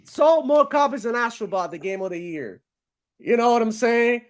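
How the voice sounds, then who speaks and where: A man hosting a live gaming stream, talking in a casual, animated way, laughing often, swearing and calling people bro. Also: very high-pitched, moderate pace.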